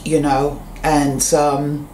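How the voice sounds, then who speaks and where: A vlogger talking in a casual, rambling monologue, full of fillers and restarts, and telling stories with sudden jumps in pitch. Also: level tone, drawn-out words, a little mellow, a little hiss or hum. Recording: roomy echo.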